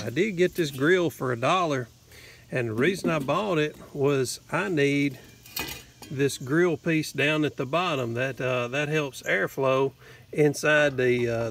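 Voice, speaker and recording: A Southern man talks casually to his vlog viewers, meandering through a story with plenty of "uh" and "anyway." His voice is gravelly and fairly high for a man. It has a bright, forceful edge. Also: a little slow, a little hiss or hum. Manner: rambling, lots of fillers and "anyway". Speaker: vlogger.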